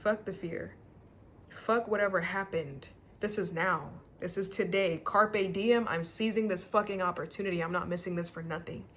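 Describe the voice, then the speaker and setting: A woman's voice: fairly low pitch, normal speed, fairly bright tone, a little hiss or hum. A woman giving a casual tarot reading to camera, emotional and rambling, swearing freely and often near tears. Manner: rambling with many restarts. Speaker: tarot reader.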